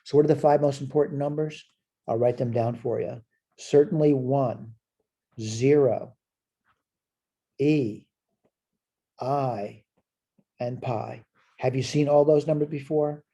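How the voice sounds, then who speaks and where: A man's voice: medium pitch, fairly even intonation, slow, pauses often, dark tone. A man teaching a recorded college math lecture. He asks questions and answers them himself, and he repeats short phrases as he points things out on the board.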